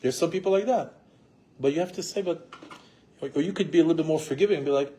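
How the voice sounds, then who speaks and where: A middle-aged man teaching a class on marriage, lively with rhetorical questions and acting out what spouses say. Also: fairly high pitch, fast, long pauses. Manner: animated, rhetorical questions, acts out quoted spouses. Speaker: Torah teacher.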